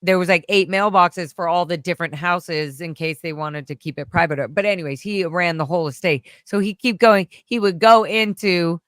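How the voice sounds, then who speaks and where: A woman's voice: on the low side, moderate pace, few pauses, no room sound, clean studio sound. A woman from California telling a long story in casual chat, rambling with many fillers and acting out the other people's voices. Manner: rambling, animated, full of fillers, acts out voices.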